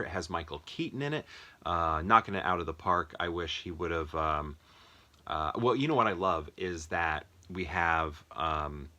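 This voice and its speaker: Casual male movie reviewer, deep but bright and forceful tone, meandering delivery full of ums. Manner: rambling, thinking aloud with many fillers. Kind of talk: casual movie ranking monologue.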